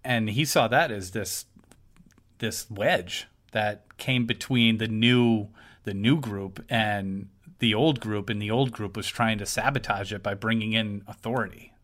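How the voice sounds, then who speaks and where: A man's voice: lowish voice, measured pace, a bit bright. A man co-hosting a podcast, talking casually and rambling as he searches for words. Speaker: podcast co-host. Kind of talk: casual discussion.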